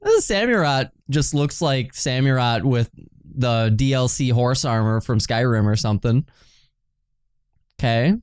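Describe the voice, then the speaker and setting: A man streaming video games and chatting casually, excitable, laughing often and swearing as he reacts. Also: mid-range voice, moderate pace, clean tone, no echo, studio quality. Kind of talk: casual livestream chat.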